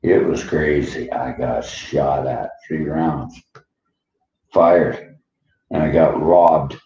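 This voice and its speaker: Very deep, gravelly Canadian man rambling. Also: mellow, echoey room, dull audio, a little hiss or hum. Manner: rambling, jumps between stories, laughs often. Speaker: vlogger. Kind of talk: rambling personal monologue.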